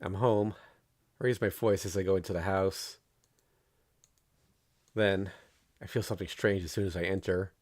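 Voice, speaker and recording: A man's voice: low voice, fairly even intonation, moderate pace, pauses often. A male streamer reading a visual novel aloud in first person, with casual joking asides.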